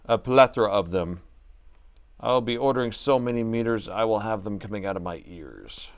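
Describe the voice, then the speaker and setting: Male repair streamer, lower register, relaxed commentary that drifts between mumbling and addressing viewers. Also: moderate pace. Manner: muttering to himself, then chatty to viewers. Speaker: livestream repair host. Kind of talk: casual live commentary while repairing.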